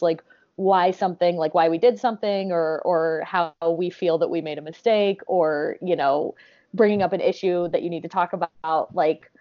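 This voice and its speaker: Chatty female podcast guest, quick to laugh, dry and dull lo-fi sound. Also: on the low side, dry recording. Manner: chatty, laughs often, many "like"s. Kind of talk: casual podcast interview.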